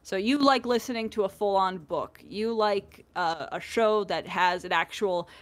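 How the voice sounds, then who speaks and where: A woman co-hosting a podcast in casual chat, talkative and quick to jump in and tease. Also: mid-range voice. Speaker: podcast co-host.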